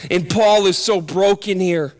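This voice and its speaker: A man's voice: high voice, unhurried, a little mellow. A male pastor preaching a sermon in a church, emphatic, repeating key phrases and firing off rhetorical questions.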